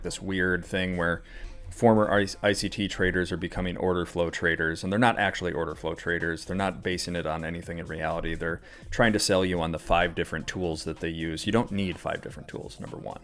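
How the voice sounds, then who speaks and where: This trading livestream host has a deep, fairly bright voice with little pitch movement, and he talks a little fast. He delivers casual live market commentary packed with fillers, ranting with lots of swearing and exasperation.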